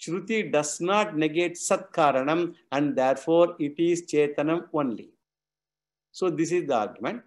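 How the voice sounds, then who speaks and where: A man teaches scripture in a patient, repetitive lecture, chuckling now and then. His voice sits a little high for a man. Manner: explains slowly, repeats key terms, chuckles.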